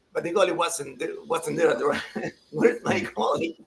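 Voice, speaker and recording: Animated man chatting about soccer. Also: a little high, normal speed, creaky, crowd noise, low-quality recording. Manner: animated, laughing, many restarts. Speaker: soccer show co-host. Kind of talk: casual sports chat.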